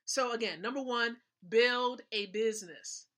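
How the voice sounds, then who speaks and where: Unhurried yet forceful, this woman's fairly high, bright voice leads a live stream. Her motivational business talk is emphatic, with repeated points and regular check-ins with the people listening.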